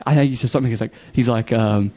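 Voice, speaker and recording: A man talks casually as a podcast co-host at an ordinary middle pitch. He laughs often and slips into character impressions while retelling cartoon episodes. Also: fairly even intonation, fast, dark tone, slight background noise. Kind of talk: casual chat.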